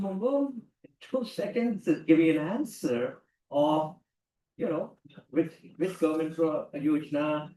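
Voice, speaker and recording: A man lectures students in an emphatic way and repeats his main points for effect. His voice is fairly high but soft and mellow. He was recorded from a distance in an echoey hall. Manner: emphatic, repeats key phrases. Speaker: guest lecturer. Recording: roomy hall, distant mic.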